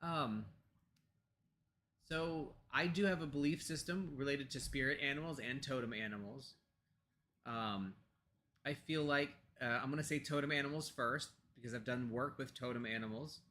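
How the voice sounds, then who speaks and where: A man's voice: medium pitch, moderate pace. An American man co-hosting a pagan discussion show, talking casually at his home computer with many fillers and restarts, and now and then turning aside to his pets. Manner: talks softly to pets off to the side. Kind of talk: casual chat.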